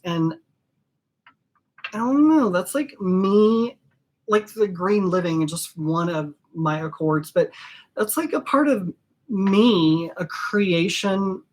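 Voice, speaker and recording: A woman with a low voice speaks slowly and unhurriedly as she closes out her live stream. She talks from the heart and pauses often, filling the gaps with ums. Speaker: host of a perfumery channel. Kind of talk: casual live-stream sign-off.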